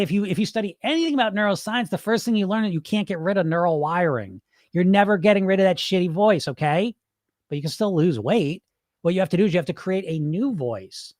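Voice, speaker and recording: A man's voice: high voice, no room sound, clean studio sound. A man hosting a live weight-loss podcast, talking bluntly and profanely with pep-talk energy and reading viewer comments. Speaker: weight-loss hypnosis coach and podcast host. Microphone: wireless microphone.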